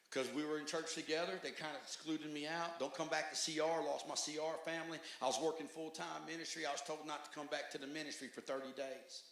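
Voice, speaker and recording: A man giving a personal testimony at a church recovery meeting. He tells his story emphatically, swinging between loud outbursts and hushed, low stretches. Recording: echoey church hall.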